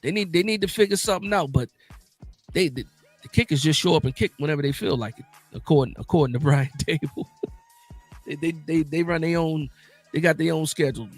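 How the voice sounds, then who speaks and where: A man hosting a casual live sports talk stream, animated and emphatic, often repeating himself for emphasis. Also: fairly high pitch, fairly quick, soft background music.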